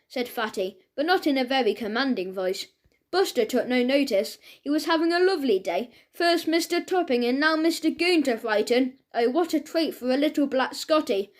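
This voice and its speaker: A woman's voice: fairly high pitch, expressive, normal speed. A woman narrating a children's audiobook, reading aloud and voicing each character's lines.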